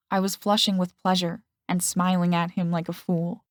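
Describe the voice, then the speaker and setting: A woman narrates a first-person audiobook in a fairly low voice, close to the mic. The recording is dry, with no room sound, and she lifts her voice slightly when the characters speak. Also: flat delivery, moderate pace, no echo. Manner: reads male and female characters' lines with shifts in pitch.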